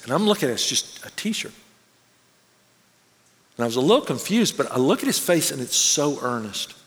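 A man preaching a sermon, telling a personal story in an animated way and acting out the people he quotes. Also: medium pitch, moderate pace, pauses often. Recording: long reverb of a large hall.

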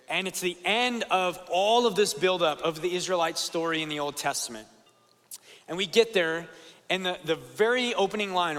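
A man's voice: a little high, a bit bright, in a large hall. A young man preaching a sermon to students, earnest and conversational, often checking in with "right?".

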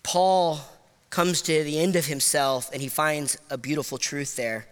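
A man preaching a sermon as a pastor, impassioned and rising high at emotional peaks, then dropping soft, with casual self-deprecating asides full of fillers. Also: a little slow, clean tone, long reverb tail.

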